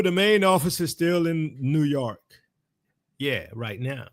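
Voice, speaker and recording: A man's voice: fairly high pitch, animated, slow, no room sound, clean studio sound. A man with a New Orleans accent giving religious commentary, preaching style, speaking straight to his audience. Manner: preacherly, calls on the audience directly. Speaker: ministry teacher.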